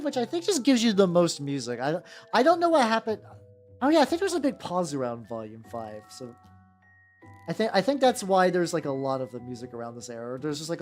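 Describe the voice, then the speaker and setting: With a fairly low, darkish voice, a woman chats on stream as she paints miniatures. She rambles casually, swearing freely and often restarting what she's saying, as faint background music plays.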